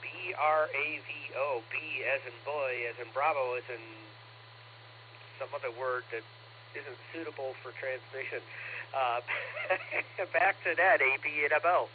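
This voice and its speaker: A man's voice: mid-range voice, a little slow. A man checking into an amateur radio net, chatting in a rambling, self-deprecating way over the air. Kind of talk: casual radio chat. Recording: tinny radio transmission with faint noise.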